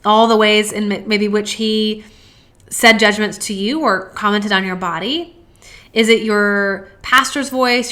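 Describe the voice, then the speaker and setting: A woman hosts a self-help podcast in a bright, ringing voice. She speaks earnestly and stretches out her key phrases. She often asks one rhetorical question after another. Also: medium pitch. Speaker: podcast host.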